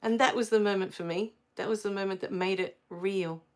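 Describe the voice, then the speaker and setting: Australian woman, middle-aged, casual livestream storyteller; effusive, lifts into bright exclamations. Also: mid-range voice, a little fast. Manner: warm and effusive, rising to excited exclamations. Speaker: spiritual livestream host.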